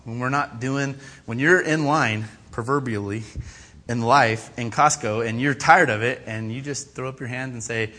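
A man delivering an animated sermon, his voice bright and forceful. He tells stories that poke fun at himself and acts out the people he quotes in their own voices. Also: mid-range voice, normal speed. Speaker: pastor. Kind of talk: storytelling sermon.

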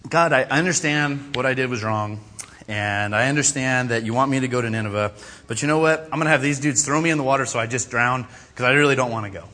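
A man's voice: medium pitch, fast talker, sharp tone, lightly acted. A man speaking as a reluctant male prophet, blunt and defiant, using casual modern phrasing.

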